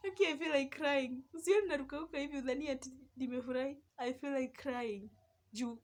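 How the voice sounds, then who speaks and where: A young Kenyan woman talks straight to her viewers in a chatty, animated vlog. Her voice sits a little high, and she moves freely between Swahili and English as she tells her story. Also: quick pace. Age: young adult. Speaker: vlogger. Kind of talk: casual storytelling.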